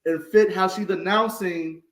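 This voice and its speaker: A man on a casual podcast, explaining his point in a measured way. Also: high voice, fairly even intonation. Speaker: podcast co-host.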